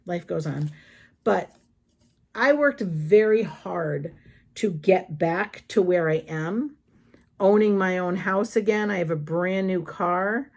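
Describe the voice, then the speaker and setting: A woman's voice: fairly low pitch, slow pace, a little mellow. A woman vlogger telling candid, blunt stories in a casual chat while she does crafts.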